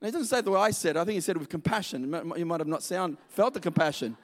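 A man's voice: high-pitched, rapid-fire. A man preaching a sermon in an emphatic, repetitive way, drawing out key words.

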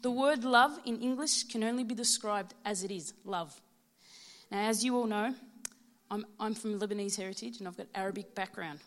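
A woman in her thirties with an Australian accent and a medium-pitched voice gives a prepared personal testimony at church. Her delivery is heartfelt and measured.

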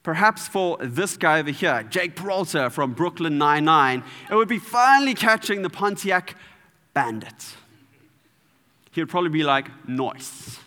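A male preacher delivers a lively sermon with a bright, forceful voice that swings widely in pitch. He is playful and animated, and the long reverb of a large hall trails after his words. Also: normal speed. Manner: playful, animated, with sound effects.

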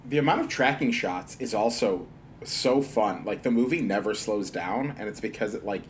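A man co-hosting a casual podcast talk about a film, lively and quick to laugh, acting out quotes with big jumps in pitch. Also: a little hiss or hum. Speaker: podcast co-host. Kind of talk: casual movie discussion.

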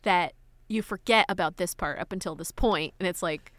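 A woman's voice: lowish voice, moderate pace, no echo. A young woman co-hosting a podcast, gushing and recapping a movie in casual chat, acting out quotes as she goes. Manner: animated, gushing, acts out quotes. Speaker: podcast co-host.

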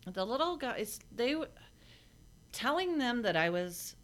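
A woman as an interview guest, telling a personal story in a blunt, matter-of-fact way with halting restarts. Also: fairly high pitch, sing-song, fairly bright tone, a little hiss or hum. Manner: halting, with many restarts and fillers.

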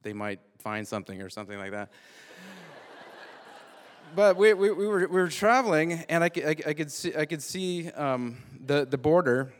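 A man's voice: fairly high pitch, moderate pace. Man telling a rambling story, reverberant hall. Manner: animated, repeats and restarts words often. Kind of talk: live casual storytelling.

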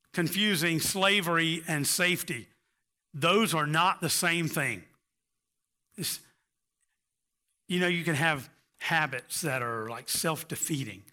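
A man's voice: a little high, sharp tone. A man preaching a sermon with impassioned delivery, rising to emphatic peaks. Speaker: pastor.

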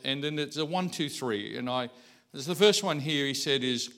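A man's voice: mid-range voice, moderate pace. A man preaching a morning sermon in a conversational way, often restarting his sentences. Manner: conversational preaching with many restarts, softening to a quiet storytelling voice. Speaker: pastor.

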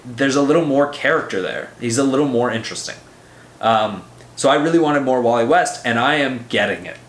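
A man hosting a casual comic book review podcast, excitable and profane, rambling with lots of fillers. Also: mid-range voice, reverberant.

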